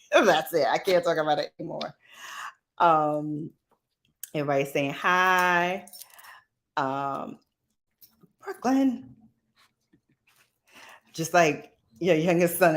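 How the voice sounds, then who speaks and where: A woman with a low voice hosts a casual live chat. She talks at an unhurried pace and rambles from story to story. She laughs often and reads viewer comments aloud. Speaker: livestream host.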